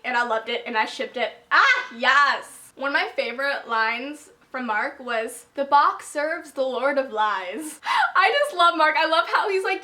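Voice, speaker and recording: Young woman book vlogger: high, bright, gushing, full of fillers, talking close to a camera mic. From United States. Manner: gushing and excitable, lots of "like" and laughing. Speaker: book reviewer. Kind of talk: casual book review vlog.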